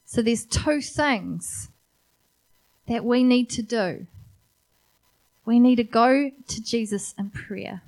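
A woman's voice: on the high side, slow pace, long pauses, darkish tone. A woman preacher giving an earnest, encouraging sermon and asking rhetorical questions.

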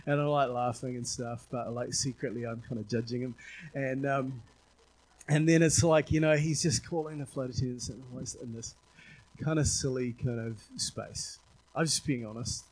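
A man from New Zealand with a New Zealand accent, a pastor telling a candid, rambling personal story in a sermon, full of fillers and restarts. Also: on the high side. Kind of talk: sermon anecdote.

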